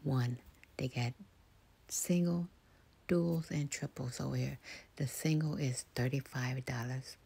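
A woman hosting a soft-spoken ASMR walkthrough of a big store, half-whispering product labels, repeating words and making chatty asides to viewers. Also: a bass voice, steady tone, slow pace, gravelly, pauses often, slightly rough. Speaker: ASMR channel host. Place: large indoor outdoor-goods store.

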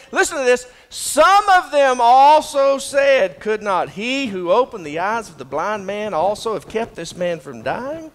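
A man's voice: high voice, a bit bright, big-room sound. A man preaching a sermon, reading scripture aloud and joking with the congregation in a folksy way. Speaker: pastor. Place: church sanctuary.

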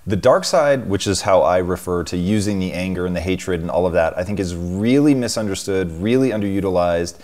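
A man's voice: sits low, brisk, few pauses, darkish tone. A man hosting a long-form interview, thoughtful and building long, reflective questions. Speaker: interview show host.

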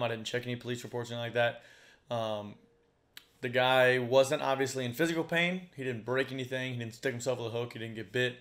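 A man who hosts a fishing channel, telling a story to camera in a chatty way, full of "like" and "you know.". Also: mid-range voice. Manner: chatty, lots of "like" and "you know", animated when retelling. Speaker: fishing guide and channel host.

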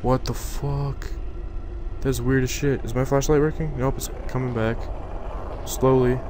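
A young man narrates his horror game run in an easy, drawn-out way, mid-pitched and casual. He mocks the scares, swears freely and chats to the monsters. A light noise floor sits under the voice. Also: steady tone. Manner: jokey, swears a lot, talks to game figures. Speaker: gaming YouTuber. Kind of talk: horror game let's play commentary.

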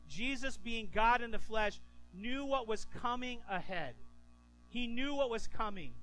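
Animated high-voiced male pastor preaching. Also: a little slow, faint music behind, poor audio. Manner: animated storytelling, stammering restarts. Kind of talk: sermon.

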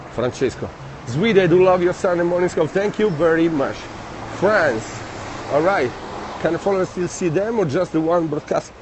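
A man with an Italian accent, chatting casually in a live stream while walking outdoors through city streets. He reads viewer comments aloud and speaks in a friendly, halting way. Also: on the high side, animated, a little mellow, a little hiss or hum. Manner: friendly, chatty, halting non-native phrasing.

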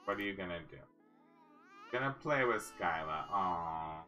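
Very low-voiced woman chatting over a game. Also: lively intonation, measured pace, pushed and bright, lo-fi sound, soft background music. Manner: cooing, chatty, talks to the game characters. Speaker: gaming channel host. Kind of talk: casual let's-play commentary.

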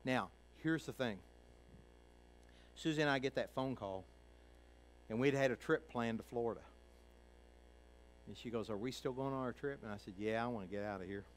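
A middle-aged male pastor from Kentucky preaching a sermon, telling a personal story in a folksy way, acting out the voices of others and moving between hushed and loud. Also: medium pitch, normal speed, pauses often, a little hiss or hum, rough recording.

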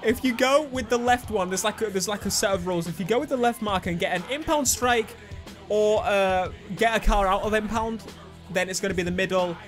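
A young man giving excitable let's-play commentary on a racing game, shouting at rivals as he drives. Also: sits high, a little fast. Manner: excitable, yelling at rivals mid-race. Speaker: gaming YouTuber. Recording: game music and engine noise behind.

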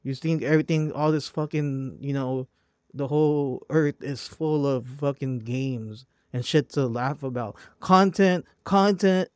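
A man's voice: medium pitch, steady tone, measured pace, warm tone, dry recording, studio quality. A man hosting a podcast, ranting bluntly and profanely, calling his target "bro". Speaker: podcast host. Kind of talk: heated podcast rant.

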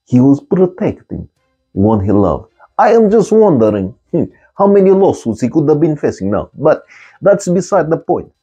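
A man's voice: a little high, big pitch swings, normal speed, warm tone, breathy edge, lo-fi sound, soft background music. A man delivering a comic monologue in simple broken English, repeating key words for effect. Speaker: comic commentator.

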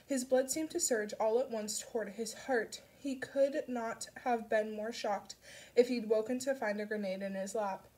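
A woman's voice: on the high side, fairly even intonation, normal speed, mellow. Woman narrating an audiobook. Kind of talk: scripted narration.

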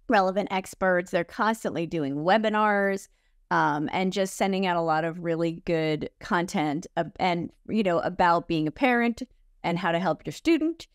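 A woman with a fairly low voice talks as an expert guest, explaining procedures in an easy conversational way. She fills pauses with "um" and corrects herself as she goes. The recording is dry and close. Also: smooth, no echo. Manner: explanatory, many fillers and self-corrections. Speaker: guest expert on college disability services. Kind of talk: conversational interview.

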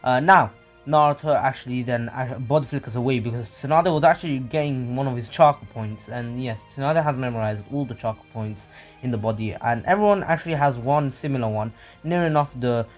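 A man's voice: medium pitch, fairly quick, faint music behind. A man casually narrating a fan story, rambling with many fillers and restarts. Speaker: anime channel narrator.

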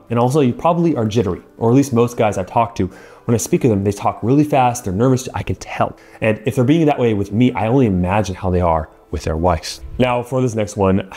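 A man's voice: medium pitch, mellow, breathy edge. A man hosting as a marriage coach, giving earnest, assertive advice straight to the viewer.

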